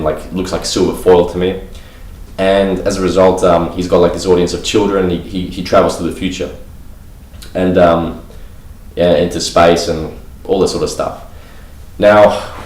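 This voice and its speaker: Casual male vlogger, very low voice, loose rambling delivery, roomy echo. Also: a little mellow. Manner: rambling, heavy fillers like "you know" and "like". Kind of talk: casual talk to camera. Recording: echoey room, voice a bit far from mic.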